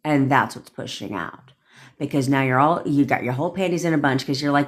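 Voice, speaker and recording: Low-voiced, blunt woman ranting on a live. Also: brisk. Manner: blunt and profane, chatty, answers viewers by name. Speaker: manifestation coach hosting a livestream. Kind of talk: casual livestream rant and coaching.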